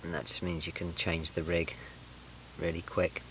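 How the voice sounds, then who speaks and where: A man's voice: deep voice, monotone, moderate pace, a bit bright, a little hiss or hum, low-quality recording. Chatty angler man by the water. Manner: chatty, self-deprecating, explains tackle step by step. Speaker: angler vlogger. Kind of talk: casual outdoor fishing vlog. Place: outdoors by a fenland lake.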